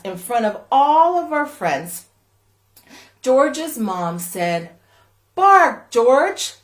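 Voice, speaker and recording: A woman from the library reading a picture book aloud to children, switching between English and Spanish line by line in an animated way. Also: a little high. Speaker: library storyteller. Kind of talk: bilingual children's read-aloud. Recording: echoey room.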